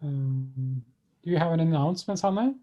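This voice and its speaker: A man's voice: a little high, normal speed. A man moderating an online meeting, brief and polite, with fillers. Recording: muffled video-call audio.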